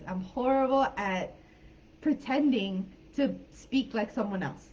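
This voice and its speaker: A woman's voice: medium pitch, animated, a little slow, a little mellow, muffled recording. An American woman from California teaching a live online English class in a chatty, informal way, with many fillers and hedges. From California, United States.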